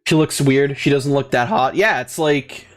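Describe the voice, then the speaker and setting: A man's voice: medium pitch, normal speed, faint music behind. A man doing gameplay commentary in a crude, sarcastic, profane rant. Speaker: let's play host.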